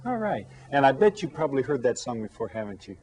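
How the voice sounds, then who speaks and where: A man teaching an elementary Spanish lesson to children, with slow, clear, patient speech that switches between English and Spanish. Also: mid-range voice, very animated, darkish tone.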